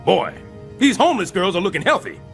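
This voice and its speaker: An actor playing a scheming middle-aged building superintendent in an animated sitcom, sarcastic and overdramatic. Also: male voice, sits high, brisk, creaky, faint music behind, full character voice.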